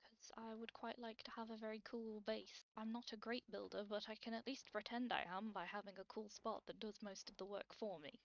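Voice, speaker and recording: A woman's voice: medium pitch, fairly even intonation, brisk, hardly any pauses, lo-fi sound. A British woman giving chatty, self-deprecating gameplay commentary as she plays, talking to herself. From Britain. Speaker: Let's Play creator.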